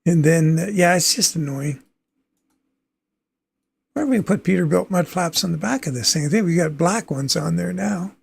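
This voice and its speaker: A man's voice: a little high, moderate pace, gravelly, long pauses, husky. A man from Canada hosting a livestream, chatting casually and thinking aloud as he plays a trucking game, with easy chuckles. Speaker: livestream host.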